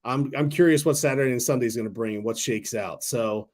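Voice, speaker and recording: A man in his thirties hosting a casual stock talk livestream, rambling and excitable, swearing freely. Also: medium pitch, a little fast. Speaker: stock talk channel host.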